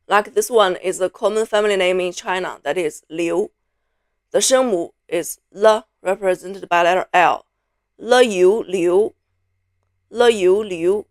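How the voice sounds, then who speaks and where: A woman's voice: lowish voice, dry recording, clean studio sound. A woman from Beijing teaching a Mandarin pronunciation lesson, patiently repeating each sound several times. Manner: patient, drills sounds by repeating them slowly.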